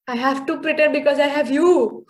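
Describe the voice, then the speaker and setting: A woman's voice: high-pitched, normal speed. A teenage girl, co-hosting a podcast with playful, teasing banter. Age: teens. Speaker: podcast co-host. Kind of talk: casual chat.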